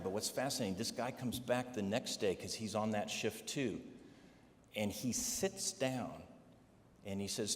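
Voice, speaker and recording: Lower-voiced man preaching in a reverberant church. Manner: storytelling with frequent "all right?" asides. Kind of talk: sermon testimony. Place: church sanctuary. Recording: long hall reverb, faint noise.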